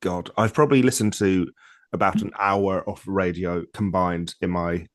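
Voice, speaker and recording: A man's voice: low voice, fairly even intonation, normal speed. A man in his thirties co-hosting a podcast in easygoing, enthusiastic casual chat. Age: 30s. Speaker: podcast co-host.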